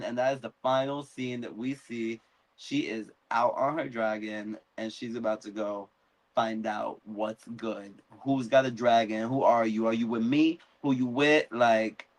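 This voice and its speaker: A man hosting a live-stream chat about a TV episode. He tells it in an animated way, with sudden jumps in pitch when he acts out characters' lines. His voice sits at a middle pitch with loose fillers. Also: poor audio. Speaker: podcast host.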